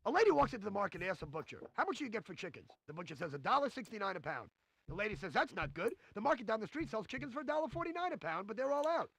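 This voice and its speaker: A man's voice: high voice, sing-song, racing, creaky, a bit bright, slight background noise, exaggerated voice. An actor playing a cheesy, brash stand-up comedian man in a 1990s CD-ROM comedy game, hamming up corny jokes. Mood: joke-telling. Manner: brash, hammy joke delivery. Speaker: game's recorded comedian.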